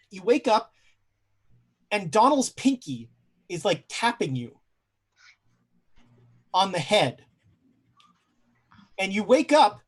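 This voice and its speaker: A man's voice: high-pitched, slightly rough. Game master man telling grim dream scenes. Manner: dramatic storytelling with frequent hesitations. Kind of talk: narrating a tabletop horror game.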